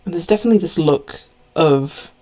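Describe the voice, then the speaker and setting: A woman game master narrating a tabletop game in a deliberate, descriptive way. Her voice has a gravelly edge. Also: sits low, mellow.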